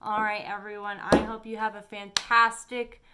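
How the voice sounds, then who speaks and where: A woman's voice: medium pitch, flat delivery, moderate pace, heavy background noise. A woman tarot reader giving a chatty, encouraging weekly energy forecast to her camera. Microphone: camera on her face.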